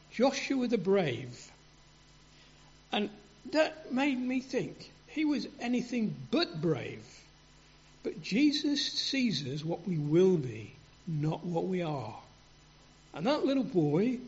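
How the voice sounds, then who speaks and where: A man preaching a sermon in an earnest, halting way, often repeating and restarting words. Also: sits high, breathy edge. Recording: dull lo-fi sound.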